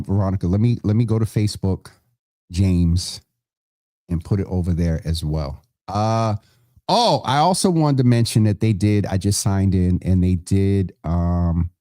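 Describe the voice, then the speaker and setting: Low, mellow-voiced man hosting a live stream. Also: no echo, clean studio sound. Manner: chatty and rambling, self-correcting, talks to viewers by name. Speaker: host of a live online show. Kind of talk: casual live-stream announcements.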